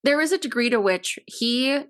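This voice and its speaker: A woman's voice: on the high side, expressive, moderate pace, a bit bright. A woman co-hosting a podcast, chatting casually and often chiming in with agreement. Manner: chatty, frequent agreeing and laughing. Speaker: podcast co-host. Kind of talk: casual movie discussion.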